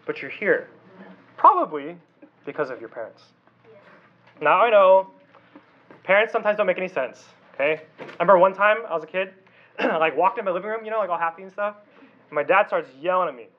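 A man with a high voice gives a youth sermon in a loose, talky way. He keeps checking in with the listeners through questions. The sound is a little dull and lo-fi. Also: expressive, a little fast, long pauses. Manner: conversational, asks the audience questions. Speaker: youth pastor.

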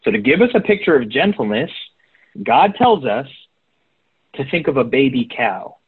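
A man delivers a relaxed, conversational sermon, often turning to his listeners to check they follow. His voice is husky and comes through narrow and tinny, like a phone line. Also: mid-range voice, moderate pace. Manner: conversational, addresses listeners directly. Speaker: preacher.

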